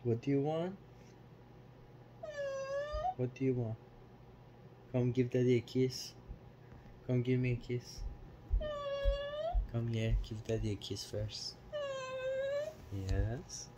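A man coaxing his pet cockatoo in sing-song baby talk, asking the same gentle questions over and over. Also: mid-range voice, fairly even intonation, slow pace, long pauses, background noise. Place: home with a pet bird.

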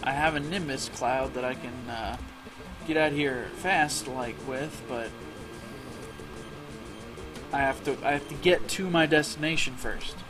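A man's voice: mid-range voice, unhurried, long pauses, low-quality recording. A man giving casual let's play commentary, sarcastic and profane, with muttered asides. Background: music.

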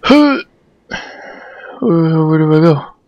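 A man doing let's play commentary, excitable, swearing and yelping when startled. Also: on the high side, takes it slowly, no echo, highs cut off. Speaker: gamer.

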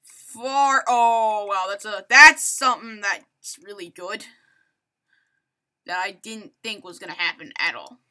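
A woman giving excitable, rambling, self-mocking commentary while playing a video game. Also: mid-range voice, takes it slowly. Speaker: gaming channel host. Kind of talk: live gameplay commentary.

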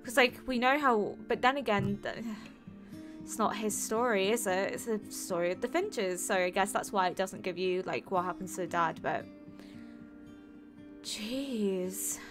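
A woman's voice: medium pitch, a little slow, music in the background. A woman gaming streamer reacting to a game's ending, emotional and rambling, with lots of fillers.

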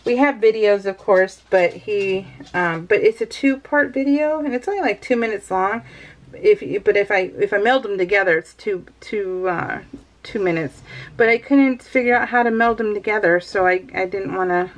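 A woman's voice: mid-range voice, moderate pace. A young woman from California talks casually through a crafting vlog. She rambles, giggles often, and lets her phrases drift into a sing-song lilt. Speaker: vlogger. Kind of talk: casual chat while crafting.

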